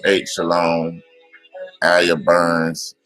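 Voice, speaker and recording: Deep-voiced male stream host, unhurried, casual roll call of viewers' names. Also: monotone, over music. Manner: greets viewers by name one after another, stumbling over names and laughing at himself. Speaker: livestream host. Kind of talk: casual livestream greetings.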